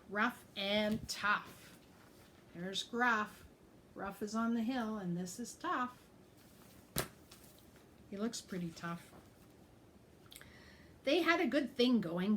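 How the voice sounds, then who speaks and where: A woman reads a children's picture book aloud in a teacher's voice, stopping now and then to point out the pictures. Her pitch swings in an animated way, and a faint hiss of noise sits under the recording. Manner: lively, animated and explaining pictures. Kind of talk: storybook read-aloud for children.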